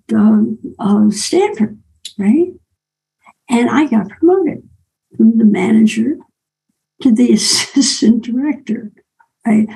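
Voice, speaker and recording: An older woman telling a personal story in a reflective way, often pausing and adding "right?" asides. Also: on the high side, gravelly, dark tone, breathy edge, poor audio.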